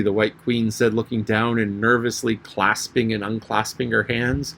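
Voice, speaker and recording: A man's voice: fairly low pitch, level tone, normal speed, few pauses, fairly bright tone. A man narrating a storybook, reading it in a plain storytelling manner. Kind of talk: audiobook reading.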